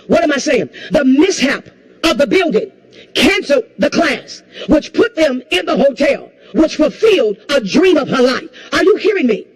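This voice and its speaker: A woman's voice: sits high, expressive, normal speed, poor audio. Impassioned woman preacher, repeating lines. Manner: impassioned, repeats lines and asks the crowd if they hear her; rises to shouts and a crying tone at peaks. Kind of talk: sermon.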